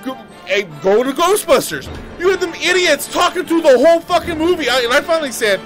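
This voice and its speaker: High-pitched guy on a podcast, swearing a lot, voice jumping all over the place. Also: expressive, brisk, a bit bright, soft background music. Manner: profane, heated ranting. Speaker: podcast co-host. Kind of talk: casual ranting chat.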